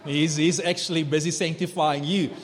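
A man preaching a sermon as pastor, passionate and animated, building to emphatic peaks. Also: on the high side, normal speed. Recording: long hall reverb.

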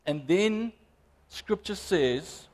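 A man preaching a sermon as pastor, emphatic and lively, often addressing the congregation directly. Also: sits high, drawn-out words. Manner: lively, emphatic preaching with frequent "guys" and "amen".

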